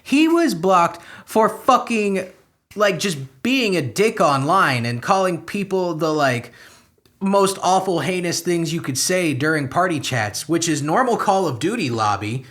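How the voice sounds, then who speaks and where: A man's voice: high-pitched, sing-song, measured pace, a bit bright. Sarcastic young man ranting about news. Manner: sarcastic, exasperated, swings between muttering and outbursts. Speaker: comedy podcast host. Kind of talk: profane comedic news commentary.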